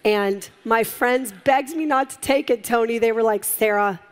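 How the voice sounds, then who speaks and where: A middle-aged woman, a guest in an interview, telling her story in a lively way and acting out the people she quotes, laughing often. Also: on the high side, normal speed. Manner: animated, acts out quoted voices, laughs often. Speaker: guest, entrepreneur.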